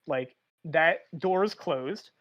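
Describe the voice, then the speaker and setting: A man's voice: on the high side, expressive, takes it slowly. A young man, a podcast host, telling a story animatedly and swearing often. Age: young adult. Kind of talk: casual storytelling chat. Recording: dull lo-fi audio.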